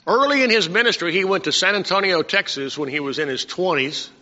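A man's voice: high-pitched, a little fast, sharp tone. An older man preaching a sermon as pastor, folksy and talking directly to members of his congregation. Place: church sanctuary. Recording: dull lo-fi recording with long hall reverb.

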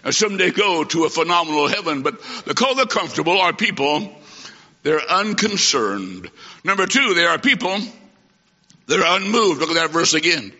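A high-pitched male preacher with a very bright, forceful voice delivers a fiery sermon. He swings between shouted declarations and quiet asides. The recording is dull and lo-fi, with a long reverb from a large hall. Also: lively intonation, moderate pace. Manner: emphatic, swings from loud to hushed.

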